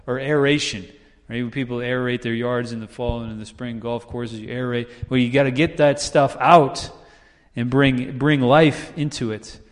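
A man preaching a sermon in a conversational style, his pitch rising whenever he acts out quoted voices. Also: fairly even intonation, moderate pace, big-room sound. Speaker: pastor.

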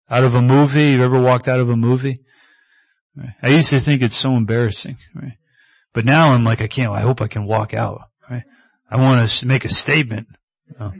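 A man preaching a sermon in a relaxed, conversational way, slipping in asides as he tells stories. His voice sits at an average pitch. The recording is slightly muffled and lo-fi. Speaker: pastor.

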